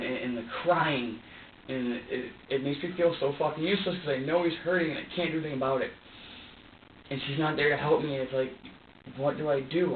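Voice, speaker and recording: A man being questioned by investigators, rambling, agitated and swearing heavily as he recounts what happened. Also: mid-range voice. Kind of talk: recounting events under questioning. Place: sheriff's interrogation room. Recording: echoey distant lo-fi video with faint hiss.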